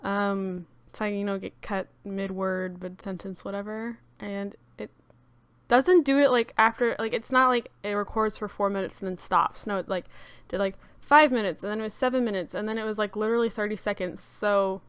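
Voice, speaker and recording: A woman's voice: mid-range voice, fairly even intonation, moderate pace, a bit bright, clean tone, no echo. A young woman with a cracking morning voice, rambling casually with many fillers as she talks over her game build video. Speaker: YouTube gaming creator.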